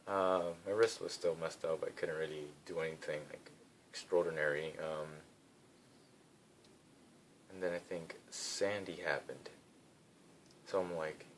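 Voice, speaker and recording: Low-voiced young man rambling casually. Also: fairly even intonation, unhurried, pauses often, slight background noise. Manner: rambling, filler-heavy storytelling. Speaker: vlogger. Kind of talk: casual chat. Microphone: phone.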